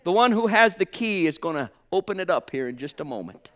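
A man preaching a sermon with fervor, swinging between hushed tones and ringing exclamations and calling his listeners brothers and sisters. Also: sits high, sing-song, brisk. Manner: addresses the congregation as brothers and sisters.

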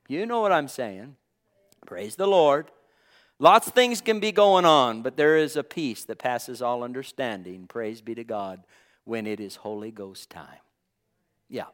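A man preaching a fervent sermon in a rhythmic, repetitive cadence, peppering his lines with praise and swinging from loud declarations to hushed, near-whispered words. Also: medium pitch.

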